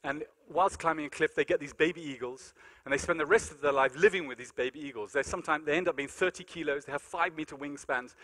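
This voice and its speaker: A man giving a lecture in a large conference hall, telling animated, self-deprecating stories. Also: a little high, fast. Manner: animated, self-deprecating anecdotes, many fillers. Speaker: keynote lecturer. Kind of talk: storytelling lecture with acted-out dialogue.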